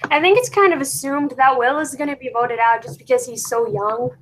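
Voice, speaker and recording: A young woman co-hosts a podcast, thinking aloud in a measured way. Her voice sits high. A faint hiss runs underneath. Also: low-quality recording. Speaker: podcast co-host. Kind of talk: casual chat.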